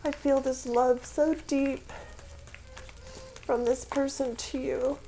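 A woman's voice: sits high, level tone, slow pace, dark tone, slight background noise. A woman giving a tarot reading, speaking with spiritual feeling and emotion, close to tears. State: tearful. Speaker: tarot reader.

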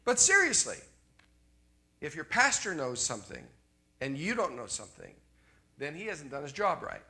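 A man's voice: fairly high pitch, huge pitch swings, normal speed, creaky, sharp tone. A Canadian man preaching a sermon in a conversational way, repeating his refrains and often checking in with the congregation.

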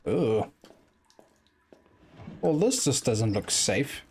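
A man's voice: mid-range voice, very animated, very slow, darkish tone, slight background noise. A man giving let's play commentary, chatting and muttering to himself as he plays a video game. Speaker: gaming YouTuber.

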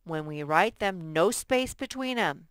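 In an expressive, fairly bright way, a woman teacher with a slightly low, smooth, clear voice takes young children through a first-grade workbook lesson, speaking slowly and patiently and sounding out each word. The recording is close and dry, with no echo.

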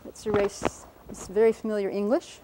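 Against a noisy background, a woman lecturer speaks at normal speed in a mid-range voice with little pitch movement. Her whiteboard linguistics lesson involves patiently sounding out example words, and she corrects and apologizes for her own slips.

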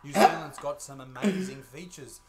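A man's voice: on the high side, normal speed. An Australian man ranting bluntly and mockingly in a comedy video, swearing constantly. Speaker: comedy YouTuber. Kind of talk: profane comedic rant.

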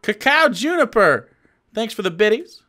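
Sarcastic man with a bright voice. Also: high-pitched, big pitch swings, moderate pace. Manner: sarcastic, mocking, laughs often. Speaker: streamer reacting to videos. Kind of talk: live-stream commentary.

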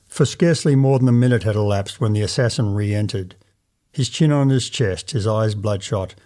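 A man reading a classic tale aloud in a measured, dramatic first-person narration. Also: lowish voice, warm tone. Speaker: audiobook narrator.

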